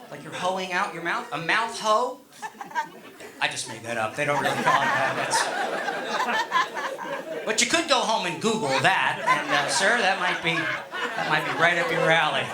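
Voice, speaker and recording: A middle-aged male stand-up comedian on stage, rambling conversationally and teasing the audience. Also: high voice. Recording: echoey live room.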